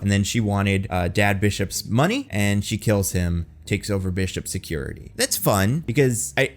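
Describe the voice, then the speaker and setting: A man hosting a casual fan-theory commentary, chatty and rambling, saying "like" often. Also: fairly low pitch. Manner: chatty and rambling, heavy use of "like". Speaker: host of a movie and TV commentary channel.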